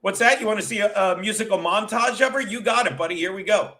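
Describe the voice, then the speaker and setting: A man's voice: sits high, quick pace, over music. A man hosting a show as a comedian, telling rambling stories in a casual, profane, chatty way. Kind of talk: casual rambling storytelling chat.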